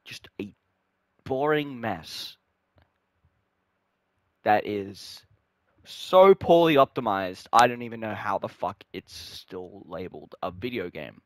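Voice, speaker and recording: A man's voice: lowish voice, animated, slow pace, pauses often, no echo. Frustrated young man ranting. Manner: frustrated, swearing, trailing off deflated. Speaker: gaming vlogger. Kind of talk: angry gaming rant.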